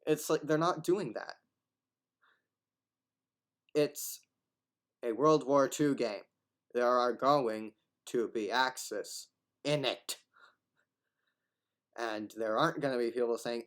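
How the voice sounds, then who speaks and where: A man's voice: mid-range voice, a little slow, pauses often, fairly bright tone. A man talks through his objections in a loose, rambling commentary. He argues his case while frequently stumbling and restarting his words. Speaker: commentator reacting to a video.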